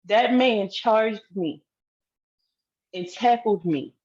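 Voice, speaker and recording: Blunt woman telling her story straight to the camera, cusses a lot, average pitch, kinda muffled audio. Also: drawn-out words, darkish tone, breathy edge. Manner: candid, swears freely, talks straight to the audience. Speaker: vlogger. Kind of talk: casual storytelling to viewers.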